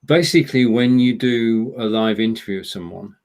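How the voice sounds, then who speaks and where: A man's voice: medium pitch, normal speed, a little mellow. A man hosting a live stream chat over a video call, making points steadily and building on what others said. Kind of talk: casual discussion.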